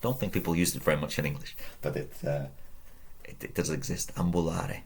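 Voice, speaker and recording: A man with a very deep, gravelly, husky voice teaches Latin at a whiteboard, keeping a steady tone and a fairly quick pace. He drills conjugations aloud with mounting emphasis, stays patient, and cheers on his viewers by addressing them directly.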